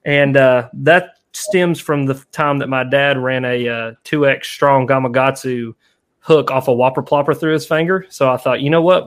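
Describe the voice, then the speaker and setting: A man's voice: medium pitch, normal speed. A man hosting a casual fishing live stream, rambling and laughing as he tells stories. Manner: rambling, laughs often, animated storyteller. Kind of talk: casual chat.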